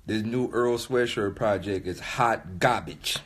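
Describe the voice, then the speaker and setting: Husky, low-voiced man ranting on a livestream. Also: a little slow, fairly bright tone. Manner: repetitive, emphatic, swears often. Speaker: rapper livestreaming to followers. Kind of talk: rambling, profane livestream rant. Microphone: phone mic on a live stream.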